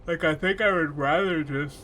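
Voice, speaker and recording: Bright-voiced man rambling while gaming. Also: a little high, normal speed, slight background noise. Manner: rambling, thinking aloud while playing. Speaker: game streamer. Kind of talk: casual live gameplay commentary.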